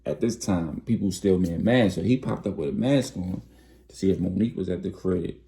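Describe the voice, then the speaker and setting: A man's voice: deep voice, brisk, creaky, dark tone. A man casually narrating a storytime in slangy, conversational talk, acting out the quotes.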